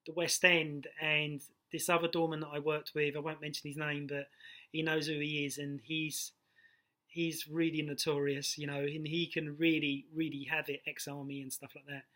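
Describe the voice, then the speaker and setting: A middle-aged man with a London accent rambles through doorman stories, swearing freely. His voice sits a little high and rings bright. He jumps from one tale to the next like he is chatting with a mate. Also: flat delivery, normal speed. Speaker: personal trainer, former doorman. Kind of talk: casual storytelling to camera.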